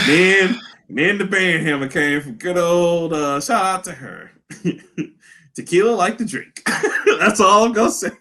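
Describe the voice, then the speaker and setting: A man co-hosting a podcast in casual chat, animated and profane, often laughing and shouting. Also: sits high, slow pace, pauses often. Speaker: podcast co-host.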